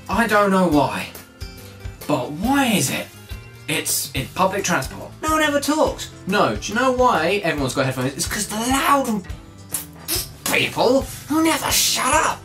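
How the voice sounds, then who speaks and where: Young adult vlogger with a very animated, sweary rant. Voice jumps high and low, with faint music behind. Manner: animated, sweary ranting with big swings up to near-shouting. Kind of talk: casual ranting vlog.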